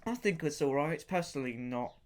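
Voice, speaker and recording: A man's voice: a little high, expressive, fast. Rambling, enthusiastic man hosting a podcast. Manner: rambling and hesitant, often repeats himself and stops to search for words. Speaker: podcast host reviewing an album. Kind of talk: casual unscripted review talk.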